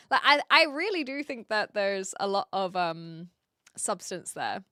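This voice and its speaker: A woman's voice: mid-range voice, very animated, measured pace, bright, forceful tone, no echo, studio quality. A woman streaming and chatting casually with viewers, laughing easily and reading their messages aloud. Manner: chatty, laughing, fillers, reads chat aloud. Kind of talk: casual live-stream chat.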